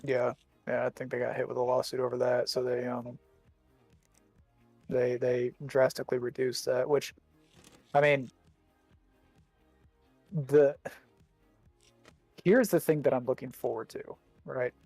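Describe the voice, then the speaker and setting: A man's voice: mid-range voice, flat delivery, unhurried, vocal fry, pauses often, a little mellow, dry recording, faint music behind. Chatty man with the hiccups. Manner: rambling, repeats words while thinking. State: has the hiccups. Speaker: podcast co-host. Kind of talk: casual chat.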